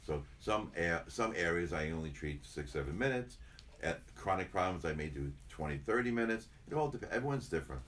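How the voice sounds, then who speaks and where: A man's voice: low voice, animated, a little fast, fairly bright tone. An older man, a chiropractor, chatting casually in an interview, rambling and repeating himself as he tells stories. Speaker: chiropractor guest.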